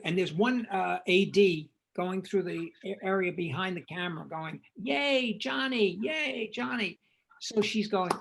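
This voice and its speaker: An older man, a film director guest in an interview, telling animated anecdotes and acting out what people said. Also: high-pitched, slight background noise, low-quality recording. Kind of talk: casual storytelling interview.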